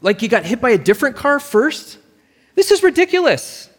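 A man's voice: on the high side, big pitch swings, a little fast, slightly rough, big-room sound, pitched above the performer's own voice. A man voicing a determined mother who confronts an insurance company with pointed, indignant questions. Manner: indignant, pressing, sharp questions.

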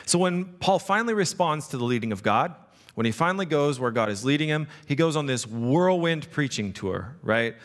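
A man's voice: a little high, animated, moderate pace. A male pastor preaching a casual, conversational sermon, often checking in with the congregation. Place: church sanctuary. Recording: long reverb of a hall.

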